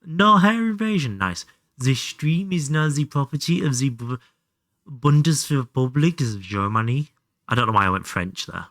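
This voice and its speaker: A young man streams a game, chatting casually, thinking aloud and swearing freely as live commentary. His mid-range voice moves at a moderate pace, recorded dry with clean studio sound.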